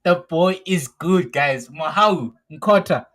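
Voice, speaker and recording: A young South African man hosts a live football watch-along, reacting as the match unfolds. He talks excitably, repeats his exclamations and keeps circling back to the same phrases. His voice sits a little high for a man. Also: slow pace, low-quality recording. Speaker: football show host.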